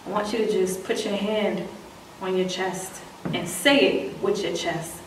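A woman preaching a sermon, reading scripture slowly and emphatically, then breaking into casual slang asides. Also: mid-range voice, fairly even intonation, slight background noise. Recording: echoey room, voice from a distance.

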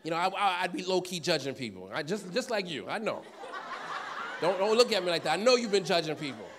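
A man's voice: sits high, sing-song, fast talker, fairly bright tone. A man preaching a sermon, telling stories, acting out voices and laughing often. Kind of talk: sermon with storytelling.

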